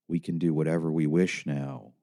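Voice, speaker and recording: A man voicing a menacing male voice that announces itself over a loudspeaker as the one in control. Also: rumbling low, steady tone, moderate pace, no room sound, studio quality. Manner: domineering, taunting.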